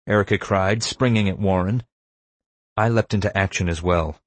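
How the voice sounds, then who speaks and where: With a deep, chest-rooted voice, this male audiobook narrator tells a first-person adventure tale in an even, measured way. The close, dry recording carries no room sound and no echo.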